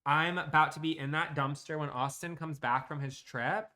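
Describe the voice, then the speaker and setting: A man's voice: on the high side, fairly even intonation, moderate pace, sharp tone. A man putting on the voice of his sassy female pet dog on a live stream, mock-indignant and bossy.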